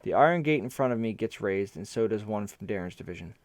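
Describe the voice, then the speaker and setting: A man's voice: on the low side, lively intonation, fast, no room sound. A man reading an interactive fantasy story aloud in the first person, narrating events and his character's nervous thoughts.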